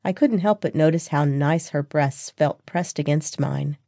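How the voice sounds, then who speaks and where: A woman reading a first-person audiobook in an even, intimate storytelling voice, close to a studio mic. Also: low voice, unhurried, gravelly, dry recording. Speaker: audiobook narrator. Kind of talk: first-person scripted narration.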